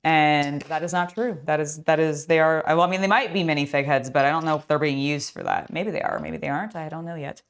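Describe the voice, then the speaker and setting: A tired young woman chatting casually on a live stream while building, scattered and excitable. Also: sits low, brisk, hardly any pauses, smooth. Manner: scattered, excitable, self-talking. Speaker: streamer building a LEGO set.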